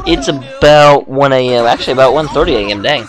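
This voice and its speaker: A man's voice: medium pitch, fairly quick. Sleepy man casting a game. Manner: chatty, joking asides, self-corrects. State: sleepy, yawning late at night. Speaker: solo game commentator. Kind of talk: casual play-by-play commentary.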